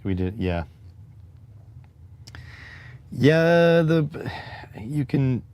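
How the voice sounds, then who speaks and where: A man with a low, deep voice hosts a relaxed livestream. He rambles in a wry, conversational way and answers his chat as he goes. Faint background noise sits under his voice. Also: normal speed, highs cut off. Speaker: livestream host.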